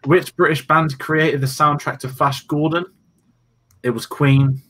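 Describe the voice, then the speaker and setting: A man's voice: a little high, steady tone, unhurried, a bit bright. A man co-hosting a film quiz, reading questions and giving opinionated, chatty remarks. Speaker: co-host and quizmaster.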